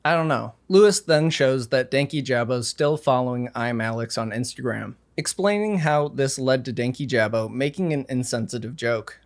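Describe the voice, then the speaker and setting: A man's voice: mid-range voice, normal speed, few pauses. A man hosting a commentary video, narrating in a dry and skeptical way. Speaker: commentary host.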